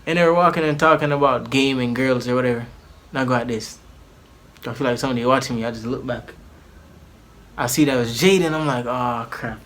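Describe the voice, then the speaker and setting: Man, casual storytime vlog, rambling, slangy, lots of restarts, mid pitch. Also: fast talker. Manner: animated, acts out the people in his story. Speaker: channel host telling a personal story.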